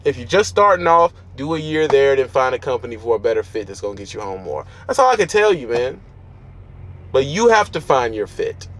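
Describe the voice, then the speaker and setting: A man's voice: mid-range voice, sing-song, brisk, a bit bright. A man who drives a truck, giving blunt, preachy advice in street slang from his truck cab. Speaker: trucker vlogger.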